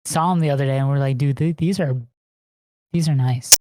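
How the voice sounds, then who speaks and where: A man with a medium-pitched voice co-hosts a podcast, talking a little fast against a noisy background. It's casual chat, full of rambling stories laced with swearing and frequent laughter.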